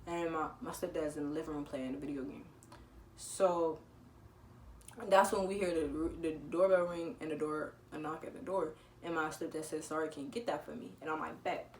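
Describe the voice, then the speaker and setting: Teen girl, low voice, animated casual storytime vlog, echoey room. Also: moderate pace, far from the mic, slight background noise. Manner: animated, laughing, swearing, acting out quotes. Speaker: vlogger telling a story. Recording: echoey room with faint ambience.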